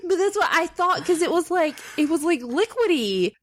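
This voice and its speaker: A young woman co-hosting a podcast, telling home stories in lively casual chat, often laughing. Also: extremely high pitch, normal speed. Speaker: podcast co-host.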